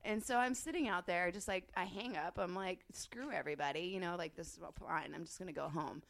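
A woman's voice: fairly low pitch, fairly quick, creaky, no room sound. A woman in her thirties, a podcast guest telling a story in casual chat, laughing often as she talks. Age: 30s.

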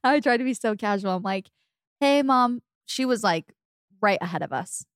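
A woman's voice: medium pitch, a little fast, no room sound, clean studio sound. A young woman co-hosting a podcast, chatting casually and acting out her mom's lines as she tells stories. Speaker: podcast co-host. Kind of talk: casual chat.

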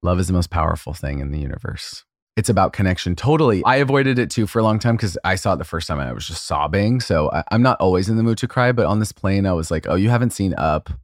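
A man with a notably deep, low voice, co-hosting a relaxed podcast chat. He tells stories in an emotional, gushing way, stacking up "like" and other fillers. The sound is dry and close, with almost no room around it. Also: fast, no room sound. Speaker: podcast co-host. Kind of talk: casual chat.

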